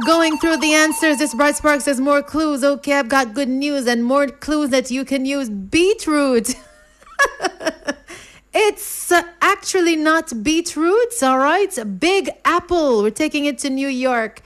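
A woman's voice: high-pitched, a little slow. A woman hosting a radio quiz, reading listeners' answers in a playful, rhyming patter.

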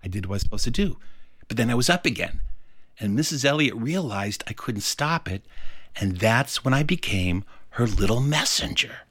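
A man's voice: mid-range voice, moderate pace, no room sound. A man telling a childhood story as a performed storytelling piece, playful and acting out the characters. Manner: animated, playful, acts out every character.

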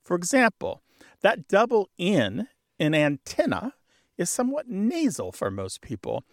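Male radio host, studio mic, animated delivery, scholarly and good-humored. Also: sits high, measured pace, no room sound. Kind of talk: radio call-in talk. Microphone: studio microphone.

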